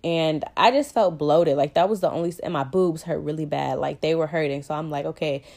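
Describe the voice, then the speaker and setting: A woman's voice: low-pitched, fairly quick, vocal fry, a little mellow. A young pregnant woman vlogging to her viewers in a casual, rambling way, often out of breath and full of "like" and "you know".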